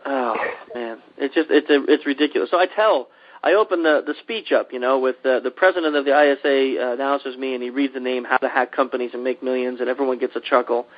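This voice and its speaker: A man from Pennsylvania hosts a casual podcast chat. He tells his story with animated energy and acts out the voices of the people in it. The sound is slightly muffled and lo-fi. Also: mid-range voice, quick pace. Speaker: podcast host. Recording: dull lo-fi podcast audio.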